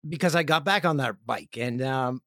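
Gravelly man rambling candidly. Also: medium pitch, normal speed, a bit bright, no room sound, clean studio sound. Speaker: podcast host. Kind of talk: casual monologue.

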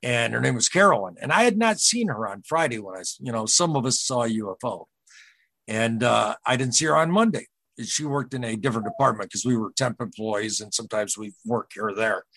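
Husky man telling an earnest story. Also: mid-range voice, animated, a bit bright, dry recording. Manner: earnest, halting, retells dialogue. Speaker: podcast guest. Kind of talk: casual first-person storytelling.

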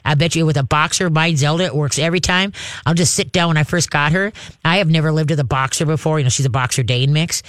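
A man giving casual dog-training advice to a caller, folksy and chatty, often checking in with "all right?" and sometimes slipping into a high coaxing dog-calling voice. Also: fast, fairly bright tone, no room sound, clean studio sound. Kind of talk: casual radio advice chat.

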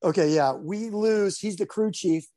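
A man's voice: sits high, measured pace. A man who coaches baseball, talking casually and rambling through stories with lots of fillers. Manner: rambling, relaxed storyteller with many fillers. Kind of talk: casual conversation.

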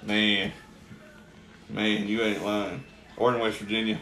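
A man's voice: on the low side, little pitch movement, slow, a bit bright, slight background noise. A man telling rambling, profane stories with lots of laughter on a casual podcast. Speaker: guest storyteller. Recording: roomy echo.

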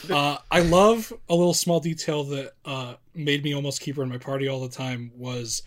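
A man's voice: on the high side, moderate pace. A man in casual podcast chat, talking enthusiastically and gushing over details he loves. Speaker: podcast panelist.

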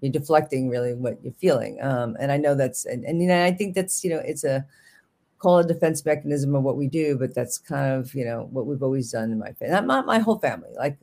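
A brisk, expressive, gravelly voice of medium pitch and darkish tone belongs to a New York author being interviewed as a guest. Casual and rambling, he often cuts himself off to start over and jokes throughout.

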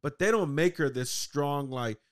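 A man's voice: a little high, a little slow. A man co-hosting a podcast, ranting casually about a movie, full of "like" and swearing. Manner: animated ranting, heavy use of "like" and swearing. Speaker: podcast co-host. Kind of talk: casual chat.

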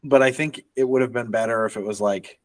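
A man with a mid-range voice walks his co-host through a movie's scenes in a relaxed, chuckling way. The recording is dry and close-miked. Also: mid-range voice, a little fast, no room sound. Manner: easygoing, chuckling, recaps scenes. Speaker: podcast co-host. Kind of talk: casual movie review chat.

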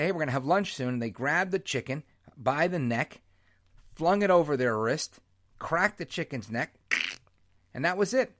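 A man hosting his own podcast, talking in an animated, opinionated way and dropping in Spanish words. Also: medium pitch. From United States. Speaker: podcast host. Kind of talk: solo podcast monologue. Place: New York.

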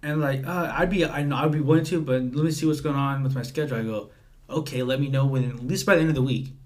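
An eighteen-year-old man appears as a podcast guest, rambling casually while acting out his text exchanges. His medium-pitched voice is fast with a darkish tone.

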